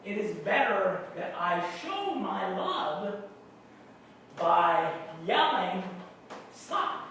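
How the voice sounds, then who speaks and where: A male pastor giving a sermon, speaking slowly and deliberately and putting questions to his congregation. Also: high voice, big pitch swings, pushed and bright, a little hiss or hum. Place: church hall. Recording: very echoey room, mic far off.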